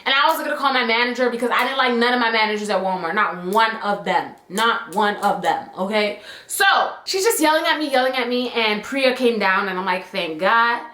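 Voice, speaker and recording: A young woman telling a storytime vlog in an animated, sassy and profane way. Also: fairly high pitch, brisk, few pauses. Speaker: vlogger. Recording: echoey room.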